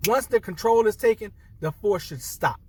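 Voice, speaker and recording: A man's voice: high voice, animated, normal speed, recorded from a distance, slight background noise. An upset man, a military veteran, speaking earnestly to viewers, repeating himself and restarting phrases as he holds back tears. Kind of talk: impassioned personal commentary to camera.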